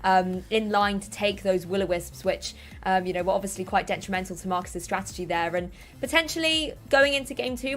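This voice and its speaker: Fast-talking female esports commentator. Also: medium pitch, a bit bright. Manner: brisk play-by-play calling. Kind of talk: live game commentary.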